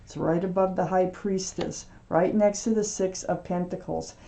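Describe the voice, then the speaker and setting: A woman giving a casual tarot reading, speaking straight to the viewer in a gentle, reassuring way, often pausing with ums and restarting her sentences. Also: fairly low pitch, steady tone, gravelly, slight background noise. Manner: halting, with frequent ums and restarts. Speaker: tarot reader.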